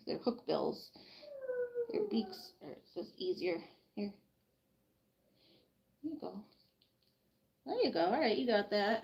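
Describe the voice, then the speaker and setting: A woman caring for a pet bird, explaining each step and coaxing the animal in soft, cooing baby talk. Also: medium pitch, vocal fry, dull audio. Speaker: animal caretaker and channel host. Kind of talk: casual narration while caring for an animal. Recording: noisy background.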